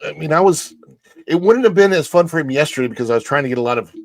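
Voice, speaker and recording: A man who is a guest on a theme park show, talking in a halting, emotional way with many restarts. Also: a little high, animated, no echo. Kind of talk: casual chat.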